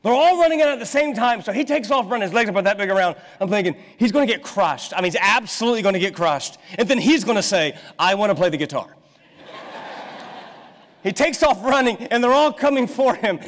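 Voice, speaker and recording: High-voiced preacher in a reverberant church. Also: male voice, quick pace. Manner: lively storytelling, acting out the people in his stories. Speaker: pastor. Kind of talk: sermon. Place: church sanctuary. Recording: long hall reverb in a church.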